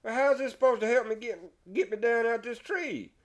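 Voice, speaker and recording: A Texas man doing a dim redneck stuck up a tree. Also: a little fast. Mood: pleading. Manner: drawling, pleading, raised pitch.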